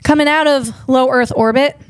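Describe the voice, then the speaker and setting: A woman comedian hosting a podcast, delivering a rambling, animated comic monologue full of restarts. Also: high-pitched, normal speed, smooth, dry recording.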